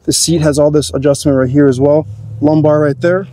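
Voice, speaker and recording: A man's voice: on the high side, steady tone, fairly quick, mellow. A young man hosting a car channel, giving an easygoing, chatty walkthrough of his car's features.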